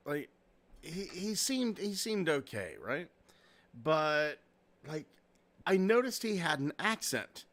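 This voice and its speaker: A man's voice: a little high, sharp tone. A man hosting a loose, profane chat show, reading out viewer comments and laughing often. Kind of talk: casual chat.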